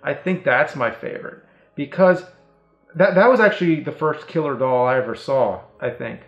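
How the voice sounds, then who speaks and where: A man's voice: mid-range voice, normal speed, soft background music. Give me an easygoing man chatting, lots of fillers. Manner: easygoing, filler-heavy recollection. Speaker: co-host. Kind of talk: casual chat. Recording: roomy, slightly dull audio.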